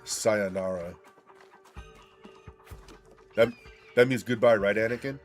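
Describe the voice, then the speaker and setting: A man hosting a gaming channel, chatting casually while he plays and telling stories in an excitable, profane way full of "dude". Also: lowish voice, takes it slowly, soft background music.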